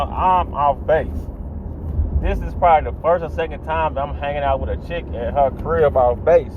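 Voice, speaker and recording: Animated young man telling a comic story. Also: a little high, narrow, tinny audio, background noise. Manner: animated, acts out voices, slangy. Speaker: stand-up storyteller.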